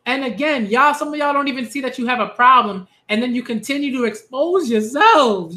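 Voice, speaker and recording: Man, vlog rant, exasperated, animated, repeats himself for emphasis, sharp bright tone. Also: very high-pitched, a little fast, hardly any pauses. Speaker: manga commentator. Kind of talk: ranting commentary vlog.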